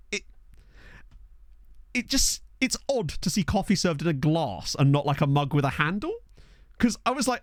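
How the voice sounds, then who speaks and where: A man's voice: sits high, big pitch swings, normal speed, pauses often, no room sound, clean studio sound. A young man with a Southern English accent, chatting casually while playing a game and answering his stream chat. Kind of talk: casual gameplay commentary while reading chat. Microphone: desk microphone.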